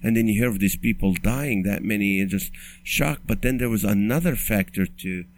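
A middle-aged comedian from the Middle East tells a long personal story in a fairly low voice. He slips in jokes as he goes and often breaks off to start a sentence again. He hosts the show himself. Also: normal speed. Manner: conversational, joke-laced, frequent restarts. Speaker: comedian and podcast host. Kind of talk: storytelling monologue.

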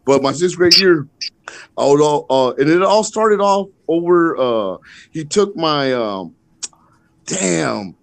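A man's voice: fairly high pitch, takes it slowly, vocal fry, no echo. A man on a podcast telling crude childhood stories in casual banter, laughing often. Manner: laughing, crude, animated storyteller. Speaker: podcast co-host.

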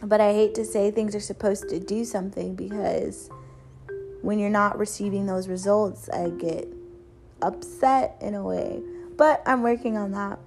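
A woman's voice: medium pitch, a little slow, gravelly. Young woman in her twenties, solo podcast host, rambling chatty delivery, faint music underneath. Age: 20s. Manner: rambling, chatty, full of "like" fillers, self-deprecating. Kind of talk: casual solo podcast chat. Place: at her family home, indoors.

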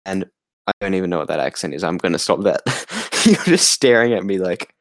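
A tired man rambles casually through a film recap, piling on fillers and laughing often. His voice sits low and sounds dry and close, with no room around it. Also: expressive, a little fast, gravelly, dry recording. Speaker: podcast co-host. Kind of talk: casual chat about a film.

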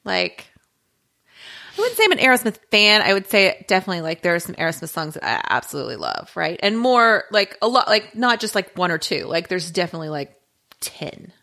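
Woman, podcast co-host, casual chat, rambling, filler-heavy, bright and forceful tone, low pitch. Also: very animated, a little fast, creaky. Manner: rambling, lots of filler words, trailing off.

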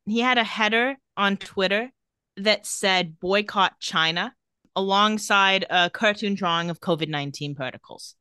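Woman podcast co-host, casual wry recap; bright, smooth voice, dry close sound. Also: mid-range voice, unhurried, no room sound. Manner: recounting tweets with wry commentary.

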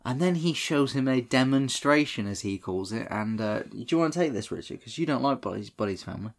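Laid-back podcast co-host, animated delivery, giggly and sweary. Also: male voice, mid-range voice, brisk. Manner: laughs often, swears, acts out quoted lines. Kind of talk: casual film recap chat.

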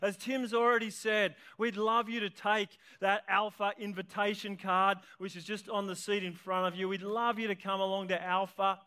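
A male pastor preaching an impassioned sermon to a church congregation with children present, swelling to shouts at emotional peaks. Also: sits high, little pitch movement, normal speed, few pauses, smooth.

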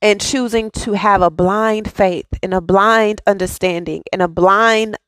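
A woman's voice: medium pitch, fairly even intonation, unhurried, a bit bright, no room sound. Fervent woman giving a devotional. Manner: fervent, repetitive affirmations, casual asides. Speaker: devotional host. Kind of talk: daily devotional talk.

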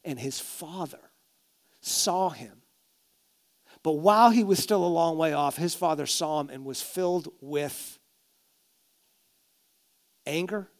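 A male pastor preaching a sermon, telling stories expressively, dropping to a hush and then rising loud. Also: a little high, takes it slowly, pauses often.

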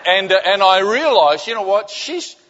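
A man delivers a sermon with a somewhat high voice, telling a story in an animated, stop-and-start way. His voice carries a long reverb from a large hall. The sound is a bit dull and muffled. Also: moderate pace, a little hiss or hum. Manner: animated storytelling, many restarts, drops to soft intimate tones. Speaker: pastor.

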